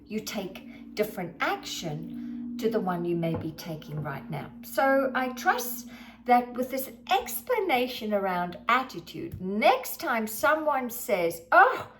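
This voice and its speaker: Animated, expressive middle-aged woman speaker. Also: a little high, takes it slowly, noisy background. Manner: animated and expressive, acting out her own past thoughts. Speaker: motivational speaker. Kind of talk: motivational video talk.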